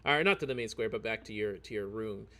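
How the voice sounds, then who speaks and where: A man's voice: on the low side, quick pace, fairly bright tone. A man narrating as game master of a tabletop game, rambling with many fillers.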